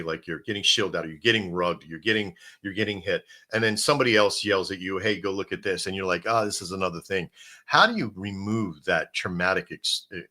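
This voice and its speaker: Bright-voiced man giving a rambling pep talk. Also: low voice. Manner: rambling, coach-like pep talk with frequent restarts; addresses viewers directly as folks and brother. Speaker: crypto stream host. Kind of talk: casual livestream talk.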